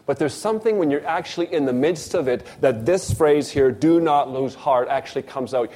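A man's voice: mid-range voice, a little mellow. A man delivers a sermon in a mid-range voice, weaving a personal story into his preaching. He acts out the voices in the dialogue with animation.

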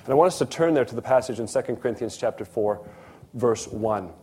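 A man's voice: mid-range voice, fairly quick, dark tone, breathy edge. A man delivers a sermon in a mid-range voice, weaving a personal story into his preaching. He acts out the voices in the dialogue with animation.

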